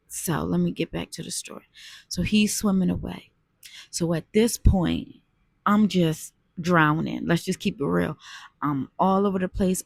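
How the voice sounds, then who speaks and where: Gravelly-voiced woman telling a story. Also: on the low side, no echo, studio quality. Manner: earnest, conversational, addresses viewers as "y'all". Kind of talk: casual storytime monologue.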